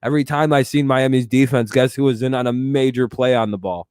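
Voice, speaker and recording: A man's voice: mid-range voice, fairly even intonation, brisk, a little mellow, clean tone, no echo, studio quality. A man hosting a casual live sports talk stream. He talks back to his chat and swears freely. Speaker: streamer host.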